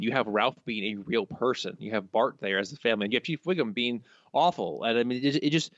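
A man co-hosting a casual podcast, relaxed and hedging in his answers. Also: medium pitch, no echo, muffled recording. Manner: relaxed, hedging, easy laughs. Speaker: podcast co-host.

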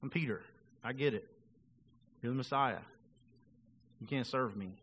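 A man's voice: medium pitch, unhurried, fairly bright tone, a little hiss or hum. A male pastor preaching a sermon in a casual, conversational way, acting out quoted voices of the people he talks about.

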